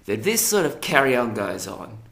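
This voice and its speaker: A man's voice: medium pitch, big pitch swings, measured pace, creaky, fairly bright tone. A middle-aged Australian man ranting angrily into the camera in a video blog, swearing and furious. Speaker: vlogger. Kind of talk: angry video rant.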